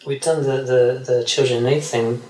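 Male guest, mid-pitched, meandering chat full of restarts; roomy echo. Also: fairly even intonation, normal speed, darkish tone. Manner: rambling, many restarts and fillers. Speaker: session guitarist guest. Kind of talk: casual interview chat.

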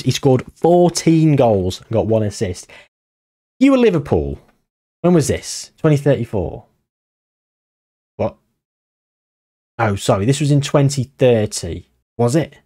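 A young man giving casual gameplay commentary, animated and exclaiming, chatting to his viewers as "gang". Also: mid-range voice. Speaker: gaming YouTuber.

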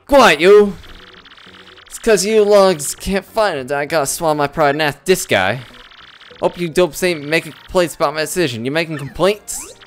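Man voicing a mob boss creature, mobster accent, gruff, menacing, game dialogue, soft background music. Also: fairly high pitch, moderate pace, lightly acted. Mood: angry. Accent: put-on mobster accent. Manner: tough-guy gangster slang, threatening. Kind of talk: reading game dialogue in character.

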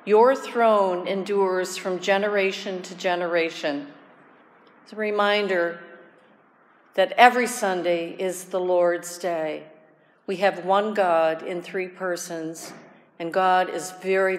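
A woman deacon delivers a sermon at an unhurried pace, her gentle, prayerful words carrying a long reverberant tail in the church. Now and then her voice lifts into a joyful exclamation. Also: medium pitch. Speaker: deacon preaching. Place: church sanctuary.

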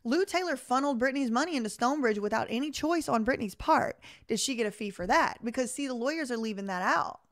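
A woman hosts a casual live stream, reading an article aloud and breaking off to comment. Her voice sits a little high, and she talks straight to her viewers, animated and exasperated. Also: fast, few pauses. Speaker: host of a live reaction stream.

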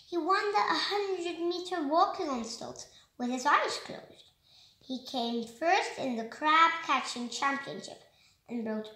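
Young reader, high voice, slow careful storybook reading, echoey room. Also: female voice, sharp tone. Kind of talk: reading a picture book aloud.

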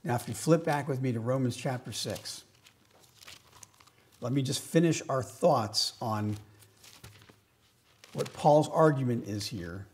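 A man preaching a sermon as pastor, slowing down to stress key phrases and shifting from loud emphatic lines to quiet asides. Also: mid-range voice. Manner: slows right down on key phrases.

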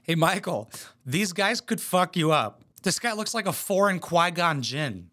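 A man's voice: high voice, sing-song, a little slow, sharp tone. A man hosting a reaction video, giving blunt, mocking commentary full of swearing. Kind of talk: profane sarcastic commentary.

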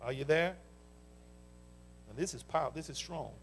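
High, gravelly Southern preacher man. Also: moderate pace, slight background noise. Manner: fervent preaching with call-and-response interjections; folksy storytelling. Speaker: pastor. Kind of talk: sermon. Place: church sanctuary.

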